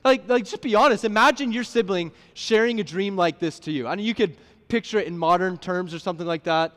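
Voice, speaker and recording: A man with a high-pitched voice preaches in a church, talking conversationally and putting questions to the congregation. His words trail off into a long reverb from the sanctuary. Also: brisk, fairly bright tone. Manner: conversational, asks the listeners questions, restarts words. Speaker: pastor. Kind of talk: sermon.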